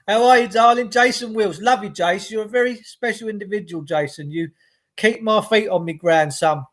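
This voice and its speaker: Sitting by a log burner at home, a middle-aged vlogger chats on a livestream, says hello to viewers, and rants impassionedly. He speaks at a moderate pace in a high-pitched, slightly bright voice.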